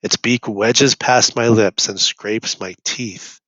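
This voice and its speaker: A man's voice: on the low side, steady tone, slow pace, a bit bright, dry recording. Man reading aloud, dull dry recording. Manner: first-person narration, rising to urgent cries. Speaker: reader. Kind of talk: audiobook reading.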